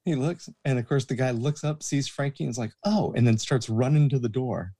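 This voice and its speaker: A man's voice: mid-range voice, brisk. A man casually telling a backstage anecdote, acting out the people he quotes. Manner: animated anecdote teller, acts out quoted voices. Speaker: guest, former promoter's assistant. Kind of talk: casual storytelling.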